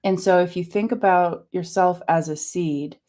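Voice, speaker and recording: A woman in a casual co-hosted talk musing about spiritual growth, hesitant and full of fillers, clearing her throat now and then. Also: lowish voice, normal speed. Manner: soft-spoken, musing, many fillers. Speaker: co-host.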